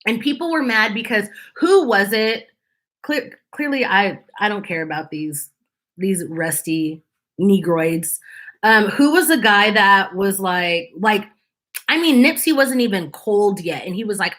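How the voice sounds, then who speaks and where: A woman's voice: mid-range voice, animated, unhurried, fairly bright tone. A woman hosting her channel, talking casually to viewers in an exasperated, sarcastic, opinionated way. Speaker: channel host.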